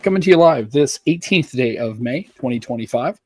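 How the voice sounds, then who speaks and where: A man's voice: mid-range voice, expressive, a little fast, husky, no echo. A man from the United States co-hosting a live podcast, chatting casually and rambling through stories. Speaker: podcast co-host. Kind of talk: casual chat.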